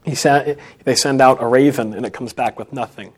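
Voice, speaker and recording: A man preaching an unscripted sermon, halting often and restarting phrases, then rising for emphasis. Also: medium pitch, steady tone, breathy edge.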